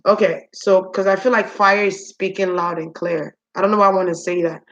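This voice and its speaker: A woman giving a spiritual reading to her viewers, musing aloud with many pauses, ums and repeated words. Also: medium pitch, little pitch movement, highs cut off. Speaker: spiritual reader. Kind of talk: psychic reading monologue.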